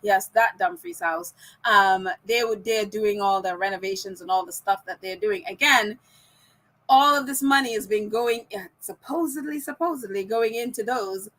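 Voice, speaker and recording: A woman's voice: medium pitch, moderate pace, fairly bright tone. A woman hosting a casual podcast, reading viewer comments and ranting about them with frequent laughs. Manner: ranting, laughs often between phrases. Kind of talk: casual opinion chat.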